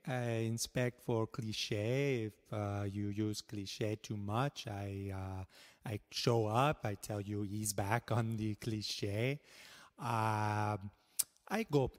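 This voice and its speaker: A man voicing a bumbling French male inspector with a put-on French accent, speaking slow broken English. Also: mid-range voice, darkish tone. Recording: long hall reverb.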